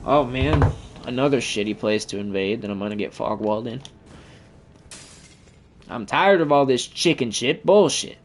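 A man's voice: medium pitch, lively intonation, moderate pace, pauses often. A man giving profane, trash-talking commentary over his own gameplay as the channel host.

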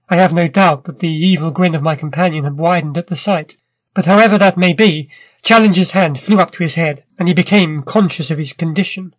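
A man reads a classic short story in a measured, vivid first-person style. His voice sits high for a man and sounds dry and close, with no room echo. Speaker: narrator. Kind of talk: scripted storybook narration.

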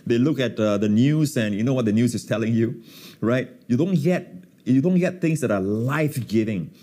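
A man preaching to his hosts in a lively, emphatic way. He leans hard on single words and repeats them, and he fills the pauses with plenty of uhs. His pitch sits in the middle for a man. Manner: emphatic, repeats key words, frequent uh fillers. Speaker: pastor and guest. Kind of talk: teaching sermon in a talk-show interview.

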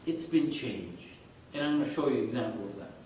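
A man teaching an informal religious lesson to a group, lively and quizzing his listeners. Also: brisk. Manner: animated, quizzes listeners, chuckles. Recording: very echoey room, far from mic, faint rumble.

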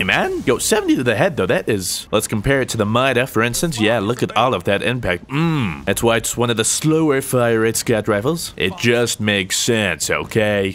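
A hoarse young man narrates his match in a goofy, self-mocking way. His pitch leaps around, breaking into excitable yelps. A faint hiss sits underneath. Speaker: gaming YouTuber. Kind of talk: gameplay commentary.

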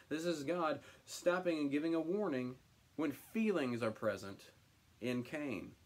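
A man leading a casual Bible study, reading scripture aloud and commenting on it in an animated, conversational way. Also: a little high, unhurried. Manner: animated, paraphrasing God's words in a direct conversational voice.

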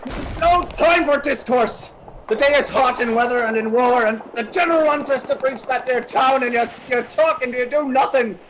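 A man plays a hot-headed Irish army captain, high-pitched and blustering. He talks in agitated bursts. Gunfire crackles steadily behind him. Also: moderate pace, a bit bright. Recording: battle sound effects behind.

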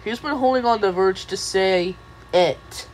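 A woman's voice: mid-range voice, unhurried, a little mellow, slight background noise, low-quality recording. A young woman voicing many cartoon characters in a playful, silly way. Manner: playful, silly voices, giggly.

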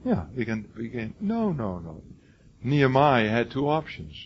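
A man's voice: mid-range voice, huge pitch swings, measured pace. An older man giving a college classroom lecture, emphatic and prone to restarts, calling on students by name. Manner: frequent restarts and repeated words. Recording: lo-fi classroom recording with faint noise.

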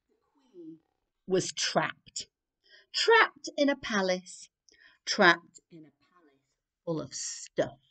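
A playgroup leader reading a picture book aloud to young children, gentle and animated with soft whispered asides. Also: female voice, mid-range voice.

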